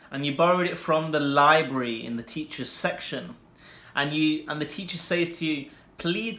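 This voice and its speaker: Young man, English teacher, bright voice, slightly high, slow careful examples, echoey room. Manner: slow, deliberate example sentences with bursts of quick asides. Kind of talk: explaining vocabulary to learners.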